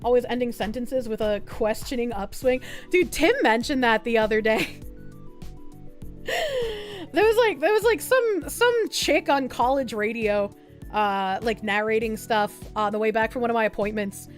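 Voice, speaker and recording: A woman streamer giving casual reaction commentary, sarcastic and profane, with quick asides. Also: fairly high pitch, faint music behind.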